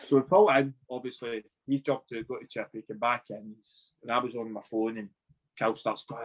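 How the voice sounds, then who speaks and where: A man's voice: medium pitch, fairly even intonation, brisk. A man with a Scottish accent, a former footballer, casually telling stories as a podcast guest. He swears freely and laughs his way through the tale. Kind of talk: casual storytelling chat.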